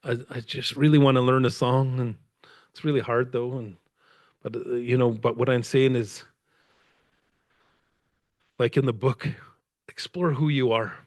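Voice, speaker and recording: A man's voice: mid-range voice, a little slow, long pauses, no echo. Male guest speaker from Canada, loose rambling storyteller with frequent laughs, dry close sound. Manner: rambling, animated, laughs often. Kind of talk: conversational storytelling. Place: lecture event with audience.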